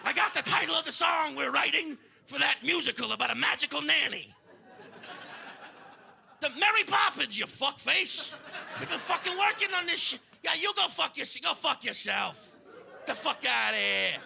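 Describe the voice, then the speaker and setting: Man putting on a brash young playwright, Brooklyn accent, cursing, high voice, crowd noise. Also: lively intonation, normal speed, vocal fry, bright, forceful tone, exaggerated voice. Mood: giddy. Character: excited young Brooklyn playwright ranting at his brother.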